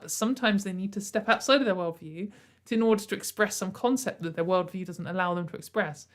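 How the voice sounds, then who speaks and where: A woman's voice: medium pitch, brisk. Sarcastic woman commentator. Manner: mocking, laughs often, exasperated asides. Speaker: commentary channel host.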